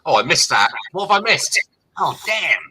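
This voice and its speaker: A man's voice: fairly high pitch, moderate pace, slightly rough, poor audio. A man with an English accent, co-hosting a casual livestream chat and telling stories animatedly. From England. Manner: animated storytelling with laughs. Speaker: livestream co-host.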